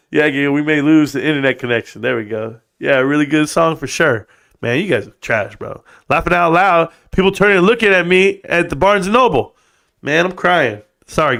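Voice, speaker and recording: Man, live-stream host, casual chat, blunt, joking, slightly high voice. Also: vocal fry, a bit bright. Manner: joking, blunt, says "bro" a lot, swears.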